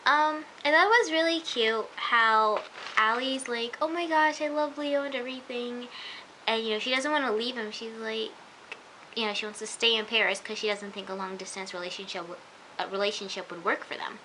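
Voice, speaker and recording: Gushing chatty young woman, bright voice. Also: a little high, steady tone, fairly quick, rough recording. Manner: gushing, chatty, many "like" and "oh my gosh". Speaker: vlogger. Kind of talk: casual TV episode review. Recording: faint hiss.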